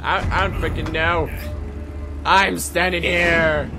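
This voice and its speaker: A young man comments on a video game as he plays. He talks slowly in a sarcastic, joking way, in a slightly higher voice than most men. Loud game music plays behind him. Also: level tone. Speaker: let's play host. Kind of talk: gameplay commentary.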